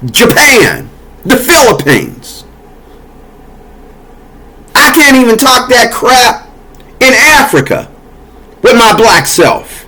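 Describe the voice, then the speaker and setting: A man's voice: extremely high pitch, wildly swooping pitch, slow, pauses often, pushed and bright, breathy edge. A man delivering a heated, profane political monologue, scolding and cursing as he talks. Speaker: political commentator. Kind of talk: angry monologue.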